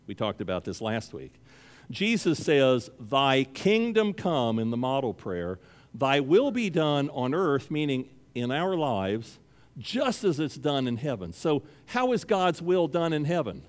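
A man's voice: medium pitch, unhurried, in a large hall. A man preaching a sermon as a pastor, earnest, sometimes acting out the voices in his stories. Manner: earnest, acts out voices in stories with lively shifts.

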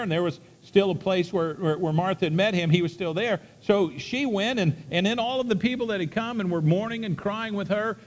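A man's voice: sits high, in a large hall. A man preaching a sermon, retelling a story in a conversational way with many repeats and restarts.

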